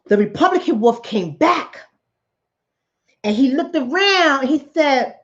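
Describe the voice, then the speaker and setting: Woman, high lively voice, acts out characters as she tells a fable, slightly dull lo-fi sound. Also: unhurried. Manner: animated storyteller acting out characters' lines. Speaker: channel host, relationship coach. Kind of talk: political commentary told as a fable.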